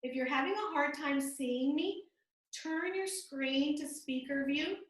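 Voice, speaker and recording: A woman leads a yoga class with a gentle, soothing manner and a slightly raised pitch. She sounds set back from her computer mic, and her voice rings in a very echoey room over the video call. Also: unhurried, far from the mic. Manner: gentle, calm, soothing cues. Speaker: yoga instructor. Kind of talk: guided yoga class instruction.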